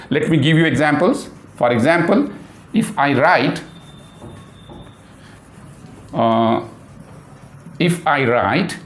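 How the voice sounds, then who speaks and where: Male English teacher, first language Urdu, slightly high voice, spells words out and repeats himself; echoey room. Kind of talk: classroom phonics lesson.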